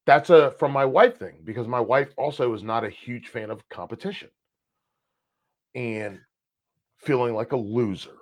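A man in his thirties talks through old memories on a casual podcast. He gets animated and swears freely, acting out what people said back then. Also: medium pitch, moderate pace, long pauses. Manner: animated, swears freely, acts out past conversations. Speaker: podcast co-host. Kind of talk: casual storytelling chat.

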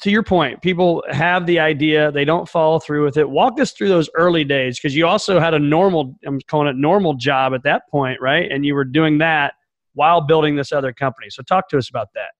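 A man's voice: fairly high pitch, fairly quick, no echo. A man with a Southern American accent hosting a podcast, chatty and friendly, with lots of "uh" fillers. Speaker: podcast host. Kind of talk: casual interview conversation.

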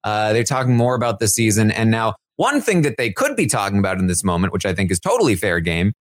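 A man with a fairly low voice, recorded dry and close with no room sound. He co-hosts a casual chat and recaps events at a halting pace, often stopping to restart with "uh" and "like". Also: sing-song, no echo. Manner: halting, many fillers and restarts. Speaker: podcast co-host.

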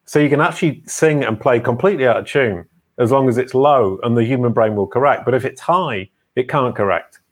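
A man's voice: medium pitch, a little fast, slightly rough. A man hosting a casual online interview, chatty and enthusiastic with playful teasing. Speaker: host.

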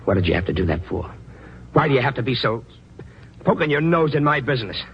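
An actor playing a bitter, grieving ground crew sergeant in 1940s radio acting, curt and sarcastic. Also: male voice, mid-range voice, big pitch swings, quick pace, creaky, muffled recording, a little hiss or hum. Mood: defensive.

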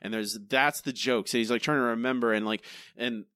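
A man's voice: medium pitch, brisk, smooth, no echo, studio quality. Emphatic male podcast co-host. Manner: animated, emphatic, many restarts. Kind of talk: casual podcast episode critique.

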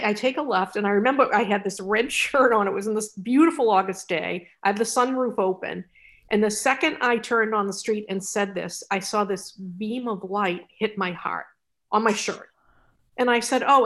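A woman from New England co-hosting a podcast, telling a personal story in a thoughtful, halting way with many pauses. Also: mid-range voice. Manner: thoughtful, hesitant, many fillers. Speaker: podcast co-host. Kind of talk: casual storytelling chat.

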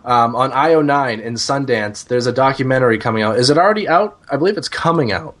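Brief: man, podcast host, casual banter, animated and playful, lots of pitch movement. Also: fast. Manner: animated, jokey, laughs often.

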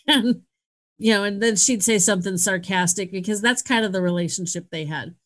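A woman's voice: medium pitch, moderate pace. A middle-aged woman hosting a podcast, telling a story in a casual, candid and self-mocking way, laughing often. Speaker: podcast host.

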